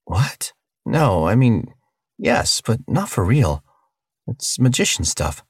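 A man's voice: lowish voice, very animated, slow, slightly rough, no room sound, clean studio sound, pitched above the performer's own voice, full character voice. A man voicing a bewildered young human captive who answers with sarcasm and curses. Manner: sarcastic, cursing.

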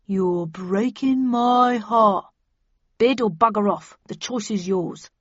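A woman's voice: medium pitch, husky, no room sound, lightly acted. A woman putting on a smug, hard-nosed male auctioneer in a storybook reading. He speaks coldly and mockingly, drawing his words out. The recording is dry and a little dull. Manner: cold, mocking, drawn-out.

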